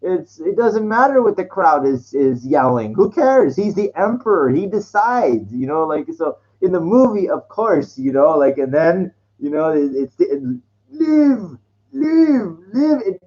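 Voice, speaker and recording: A man's voice: a little high, big pitch swings, normal speed, few pauses, darkish tone, dull audio. A man talking casually to his vlog audience, rambling through fillers and restarts and laughing at his own jokes. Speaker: vlogger.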